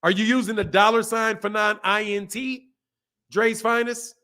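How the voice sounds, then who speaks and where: A man hosting a boxing livestream, talking in a slangy, animated way and laughing often while reading out viewer messages. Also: high voice, moderate pace. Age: adult, a father. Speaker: boxing channel host. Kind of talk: casual livestream chat.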